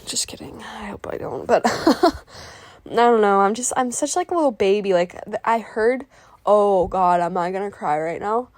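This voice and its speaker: A woman's voice: medium pitch, expressive, moderate pace, dry recording. A woman in her mid-twenties chatting through a painting video voiceover, rambling, losing her train of thought and speaking openly about her feelings. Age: 20s. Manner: openly emotional and sentimental. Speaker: art vlogger narrating a painting video. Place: voice-over recorded apart from the painting footage.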